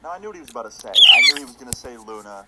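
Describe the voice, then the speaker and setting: A man's voice: mid-range voice, wildly swooping pitch, racing, pushed and bright, a little hiss or hum, rough recording. Laid-back young man telling a story. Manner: laid-back, slangy, swears casually. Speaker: storytime YouTuber. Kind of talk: casual storytime narration.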